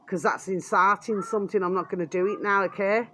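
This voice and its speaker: A British woman with a medium-pitched, fairly even, brisk and sharp-toned voice rages at her vlog audience. Blunt and coarse, she curses constantly and says "there we are" over and over.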